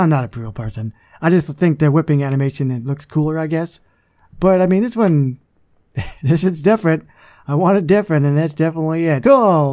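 A man's voice: on the high side, warm tone. A man hosting a gaming channel, giving casual gameplay commentary in a chatty, self-deprecating way with muttered asides.

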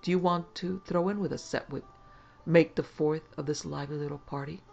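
A man voicing a sly young male vampire student who talks briskly and fawns when threatened. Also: a little high, steady tone, creaky, darkish tone, muffled recording. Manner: brisk, then fawning and pleading.

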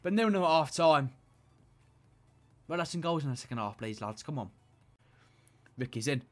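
A young man commentating his own football video game match, excitable and shouting at the referee. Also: on the high side, moderate pace. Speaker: gaming YouTuber.

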